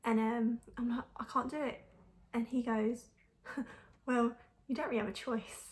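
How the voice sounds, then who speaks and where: Speaking a little slowly in a level, fairly high voice, this young mum vlogger shares a personal story on camera. She's frank and conversational, with frequent laughter and plenty of filler words.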